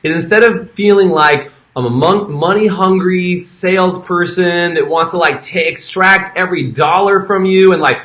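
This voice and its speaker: Male host, enthusiastic, bright forceful voice, a bit high, echoey room. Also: normal speed, hardly any pauses. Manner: enthusiastic, animated, plays the skeptical hairdresser. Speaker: interview host. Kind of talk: conversational interview.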